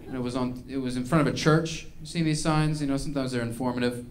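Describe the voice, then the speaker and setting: A man's voice: mid-range voice, fairly even intonation, fast talker, a little hiss or hum. A man performing a live stand-up set in a small venue, ranting and rambling with plenty of profanity. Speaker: stand-up comedian.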